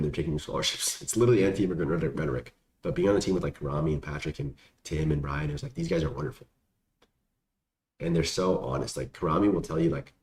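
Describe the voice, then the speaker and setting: With a low, gravelly, darkish voice, a young man takes viewer questions in a casual Q&A. He's rambling and slangy with many fillers, and the echoey room carries faint background noise.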